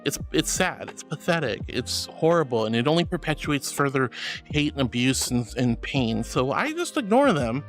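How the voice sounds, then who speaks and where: A man's voice: mid-range voice, big pitch swings, normal speed, soft background music. A young man streaming, reading chat messages aloud in an affectionate, theatrical way, calling viewers honey and sweetie.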